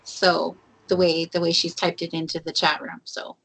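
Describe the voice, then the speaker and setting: A woman from Minnesota hosting a casual radio interview, telling stories in a lively way and laughing often. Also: on the low side, moderate pace, creaky, breathy edge, poor audio. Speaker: radio show host.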